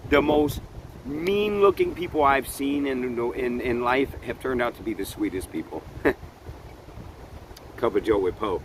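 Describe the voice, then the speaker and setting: A man's voice: mid-range voice, slow pace, long pauses, low-quality recording. A man hosting a motivational live stream, talking earnestly and often laughing, recorded outdoors with some wind noise. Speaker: vlog host.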